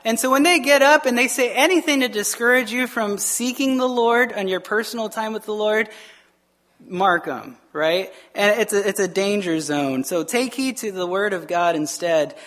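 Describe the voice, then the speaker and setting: Animated male pastor preaching. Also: high voice. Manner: animated, digressive, acts out quoted voices; frequent fillers and quick asides. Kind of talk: sermon.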